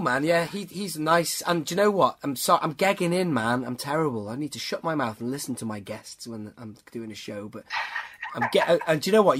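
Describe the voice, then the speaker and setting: Chatty man, husky voice. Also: medium pitch, a bit bright. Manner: chatty, laughs often, self-interrupting. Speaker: podcast host. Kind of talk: casual chat.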